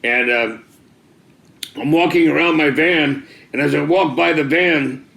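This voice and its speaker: A man's voice: on the high side, unhurried, gravelly, a bit bright, reverberant. Folksy man telling his testimony casually. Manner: folksy, casual, lots of "man" and "you know". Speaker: testimony speaker. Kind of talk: personal testimony storytelling.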